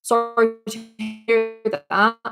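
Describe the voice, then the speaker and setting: A woman's voice: a little high, steady tone, moderate pace, faint music behind, close to an everyday voice. A woman voicing a cold, blunt village innkeeper who speaks curtly. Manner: curt and cold.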